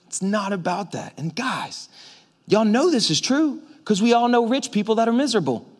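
A man's voice: sits high, lively intonation, normal speed. A man preaching a conversational sermon as pastor, emphatic and full of repetitions. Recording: long hall reverb.

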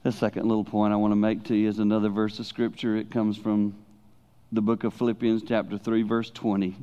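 A man's voice: lowish voice, a little fast, highs cut off. A middle-aged man, preaching a sermon as a traveling preacher, speaking candidly and telling stories with animation. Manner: candid, confessional, animated storytelling. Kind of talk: sermon to a youth congregation.

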